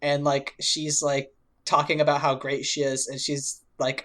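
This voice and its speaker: A woman's voice: low-pitched, level tone, unhurried, fairly bright tone. Chatty woman co-hosting a podcast. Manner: chatty, laughing, lots of "like". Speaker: podcast co-host. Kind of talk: casual chat.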